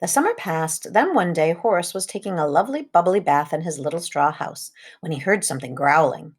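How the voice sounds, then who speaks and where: A woman reading a children's storybook aloud, with lively sound effects and rhythmic repetitions. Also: on the low side, brisk, husky.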